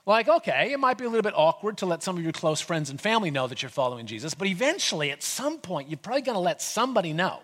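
A man preaching a sermon in a conversational way, retelling with lively asides. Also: sits high, very fast, hardly any pauses. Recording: long hall reverb.

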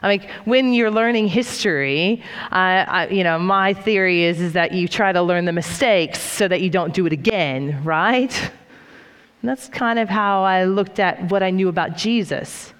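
A woman's voice: lowish voice, moderate pace, fairly bright tone, clean tone. A woman preaching a sermon in a conversational, reflective way, with frequent fillers and restarts, in a church hall. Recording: reverberant hall.

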